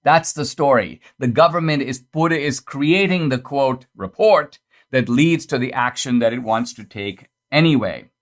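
A man's voice: mid-range voice, a little slow. A man hosting a podcast, delivering a political commentary monologue in an emphatic, pointed and sarcastic manner. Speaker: podcast host.

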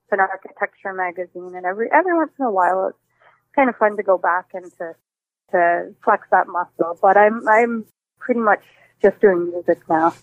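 A woman in her forties, a musician, answering interview questions in a reflective, animated way with many restarts. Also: mid-range voice, fairly quick, no echo. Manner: warm, reflective, with frequent restarts and exclamations. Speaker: musician guest. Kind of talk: relaxed personal interview answers. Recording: dry, tinny phone-like line.

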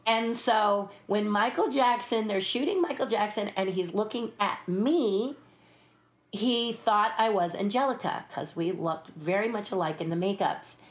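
A woman's voice: mid-range voice, measured pace. A woman who works as a puppeteer and stunt performer, telling behind-the-scenes stories in a casual interview and acting out the voices. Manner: lively, acts out voices in her stories, laughs often. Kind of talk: casual anecdotal storytelling.

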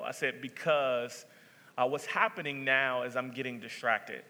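A man's voice: medium pitch, fairly even intonation, moderate pace, bright, forceful tone. A male pastor telling a story in a sermon, talking conversationally with many restarts. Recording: reverberant sanctuary sound.

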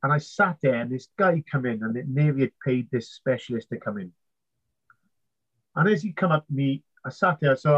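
A British man, a navy veteran and interview guest, telling his story in an animated way, swearing freely and acting out past conversations. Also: medium pitch, brisk, slightly rough. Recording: slightly muffled lo-fi sound.

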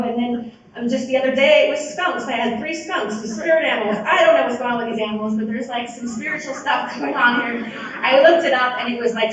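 A woman tells her recovery story in a loose, rambling way, with "like" and "you know" filling her sentences. Her voice sits a little high. She sounds far from the mic, and a heavy room echo and a dull, muffled tone surround her. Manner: casual, rambling, many "like" and "you know" fillers. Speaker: speaker sharing at a recovery meeting, a sponsor. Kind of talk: personal recovery testimony.

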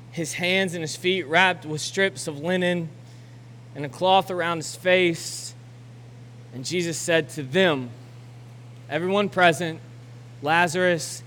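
A young adult man preaching a sermon as pastor, building to loud, urgent exhortation and then closing in a quiet, reflective way. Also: a little high. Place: church auditorium. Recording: long hall reverb with faint noise.

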